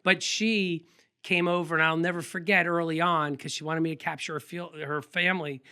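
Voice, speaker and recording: A man being interviewed about his photography work, telling quick, energetic anecdotes in a casual, rambling way. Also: a little high, clean tone. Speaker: guest photographer.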